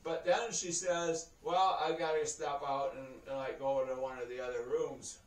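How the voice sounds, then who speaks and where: A man's voice: a little high, little pitch movement, moderate pace. Rambling, profane man, roomy and distant. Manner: rambling, profane, laughs through the story. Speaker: vlogger. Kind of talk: casual storytelling. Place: indoor room. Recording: roomy echo, heard from a distance.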